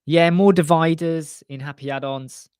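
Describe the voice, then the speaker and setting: A man hosting a casual live web chat about web design, talking in an animated way and repeating his points for emphasis. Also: on the high side, normal speed, clean tone, dry recording, clean studio sound. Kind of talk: casual live-stream chat answering viewers. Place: small home studio room with soundproof panels.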